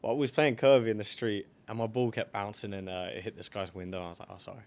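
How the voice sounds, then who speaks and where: Quick-talking English male guest, rambling anecdote, amused at his own tale. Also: on the low side, a little mellow. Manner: rapid, rambling, laughs at own story. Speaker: guest fighter. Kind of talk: storytelling in a podcast interview.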